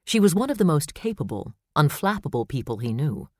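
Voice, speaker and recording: A man narrating a suspense novel in steady, measured storytelling. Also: a little high, dry recording, studio quality. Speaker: audiobook narrator. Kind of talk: scripted narration.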